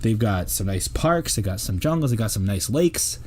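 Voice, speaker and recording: A Canadian man co-hosting a podcast, joking and animated in casual chat. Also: fairly low pitch, moderate pace. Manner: joking, animated, bursts of silly voices. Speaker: podcast co-host.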